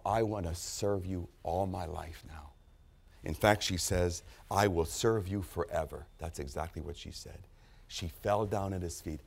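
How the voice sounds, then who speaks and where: A male pastor preaching a sermon, moving from quiet storytelling to a loud, pleading altar call. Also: sits low, creaky.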